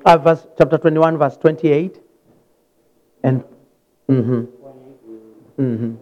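Slow, animated African-born preacher. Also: male voice, fairly high pitch, narrow, tinny audio. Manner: lively, animated retelling with sudden loud rises and soft drops. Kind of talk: sermon. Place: church hall.

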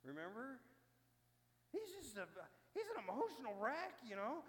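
A man preaching a sermon as a story, animated and acting out the people he quotes. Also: very high voice, normal speed. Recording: long hall reverb with faint hum.

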